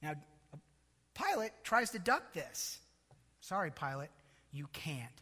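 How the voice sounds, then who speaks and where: A man delivers a sermon in a high, bright voice. He builds emphasis and slips into mocking asides. The sound rings with a long hall reverb. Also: very animated, slow. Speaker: preacher.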